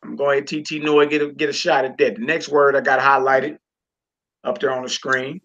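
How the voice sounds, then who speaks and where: A man teaching a Hebrew reading class in a relaxed, informal way, talking to students while he works the screen. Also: medium pitch, normal speed. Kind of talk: casual online class lesson. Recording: lo-fi recording.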